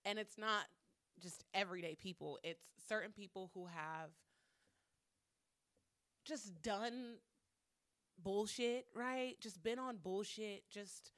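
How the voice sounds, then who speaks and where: A woman's voice: mid-range voice, slow, pauses often, fairly bright tone, clean tone. A woman hosting a solo podcast monologue, talking candidly with frequent swearing and repeating lines for emphasis. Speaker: podcast host.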